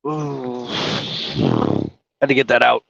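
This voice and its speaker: Tearful trucker man, bright dry voice. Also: mid-range voice, steady tone, slow, gravelly, dry recording, lo-fi sound. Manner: emotional, tearful, swearing, apologetic. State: crying, sniffling. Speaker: trucker livestreamer. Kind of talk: casual live-stream talk. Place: inside a truck cab.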